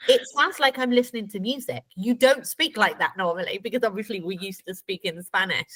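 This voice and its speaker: A woman's voice: medium pitch, fairly bright tone, rough recording. Chatty British woman telling stories. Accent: British English. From Britain. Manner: chatty anecdotal storyteller, quick to laugh. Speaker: guest, life coach. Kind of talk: casual conversation.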